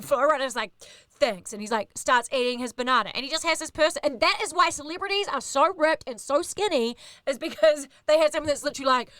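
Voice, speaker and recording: A woman in her thirties with a New Zealand accent, a radio host telling animated, sweary backstage stories in casual chat. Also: sits high, no echo, studio quality. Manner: animated, swears, acts out others in quoted voices. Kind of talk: casual storytelling.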